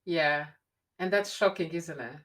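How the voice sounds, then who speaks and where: A woman hosting a casual conversation, telling stories in an animated way and often restarting her sentences. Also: deep voice, a little slow. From grew up in France. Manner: animated storyteller with frequent restarts. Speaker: host. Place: lives in the UK.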